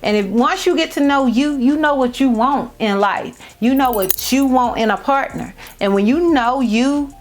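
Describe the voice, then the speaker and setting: A woman's voice: sits high, normal speed, few pauses, slight background noise. A woman in her thirties telling viewers a personal story while getting ready, heartfelt and repeating phrases for emphasis. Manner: addresses viewers as y'all and girl. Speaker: beauty vlogger. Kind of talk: casual storytime chat.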